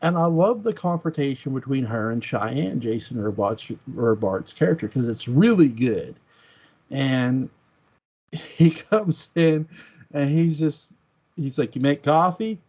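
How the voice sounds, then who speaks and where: A man's voice: medium pitch, lively intonation, takes it slowly, darkish tone. A man co-hosting a podcast, chatting casually and enthusiastically about a film and quoting its lines. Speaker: podcast co-host. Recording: dull lo-fi sound.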